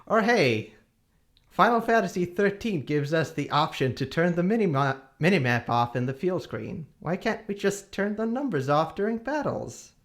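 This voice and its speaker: A man's voice: high voice, animated, moderate pace. A man streaming, reading a long game review aloud with small hesitations.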